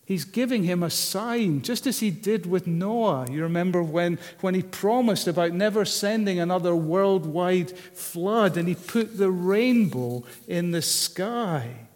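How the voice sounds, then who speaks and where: A man preaching a sermon, measured and unhurried, often asking the listeners rhetorical questions. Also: sits high, a little mellow. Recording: long hall reverb.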